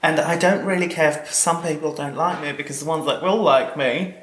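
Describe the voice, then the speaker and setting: A man's voice: on the high side, fairly quick, fairly bright tone, echoey room, a little hiss or hum, rough recording. A man co-hosting a podcast, talking in a casual, earnest and jokey way. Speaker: podcast co-host. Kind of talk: casual conversational podcast chat.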